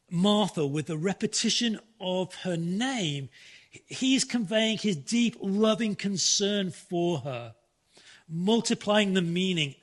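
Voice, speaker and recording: Earnest man preaching a sermon. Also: sits high. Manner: earnest preaching with restarts and soft repeated quotes. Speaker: pastor.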